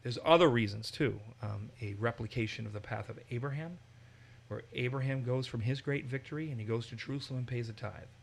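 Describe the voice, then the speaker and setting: A man's voice: medium pitch, brisk, creaky. A man teaching the Bible, reading the passage aloud and then breaking off to explain it with personal asides. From the north. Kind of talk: reading scripture aloud and commenting in a group discussion.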